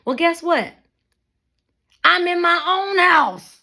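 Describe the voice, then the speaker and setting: A young adult woman vlogging a blunt, profane rant to her viewers, with mocking asides and animated storytelling. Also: very high voice, slow, gravelly. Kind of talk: ranting monologue to camera.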